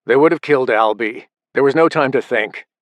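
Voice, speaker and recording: A man's voice: medium pitch, brisk, no echo, highs cut off, close to an everyday voice. A tense, anxious young son, voiced by a man. His voice is close to the narrator's own, a little raised and uncertain. The recording is dry.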